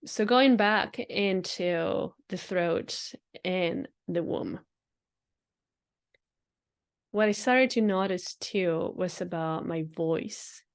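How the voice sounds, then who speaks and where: A woman's voice: fairly low pitch, takes it slowly, hardly any pauses, smooth. Earnest woman musing on spirituality. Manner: earnest, repeats phrases, laughs often. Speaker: podcast host. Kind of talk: reflective spiritual monologue.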